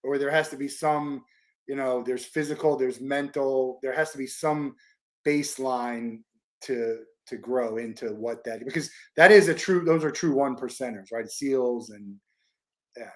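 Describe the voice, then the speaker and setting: A man's voice: mid-range voice, a little slow. A man hosting an interview who asks probing follow-up questions and thinks aloud as he asks. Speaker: interview host.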